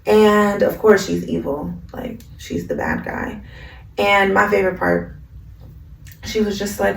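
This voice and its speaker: Gravelly-voiced woman rambling through an anime recap. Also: mid-range voice, unhurried. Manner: slangy, rambling, full of "like" fillers. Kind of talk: casual chatty recap. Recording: roomy, from a distance.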